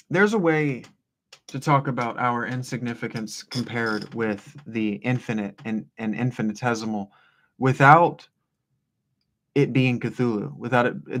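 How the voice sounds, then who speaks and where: A man hosting a reading, reading passages aloud and musing on them in a loose, discursive way, slipping into a deep radio voice for the passages. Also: fairly bright tone. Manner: discursive, with restarts and asides. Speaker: host reading aloud and commenting. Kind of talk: rambling philosophical commentary between read passages.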